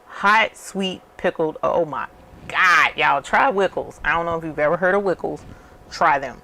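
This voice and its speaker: A woman's voice: low voice, moderate pace, vocal fry, pushed and bright. A woman, chatting casually and telling rambling stories to her viewers while she works. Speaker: channel host. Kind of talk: casual chat while working.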